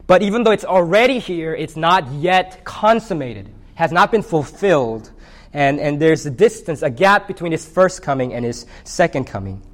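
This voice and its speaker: A male pastor delivers a sermon in a fairly high-pitched voice. He reads scripture aloud and retells a story, lifting his voice for the characters' lines. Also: expressive, normal speed, a bit bright.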